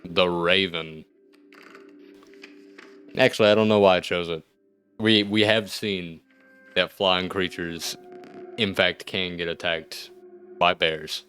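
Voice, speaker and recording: Male gamer host, deep voice, casual play-by-play with wry asides. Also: unhurried, soft background music. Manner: thinks aloud, wry asides, sudden excited outbursts. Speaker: gaming video host. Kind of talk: let's-play commentary.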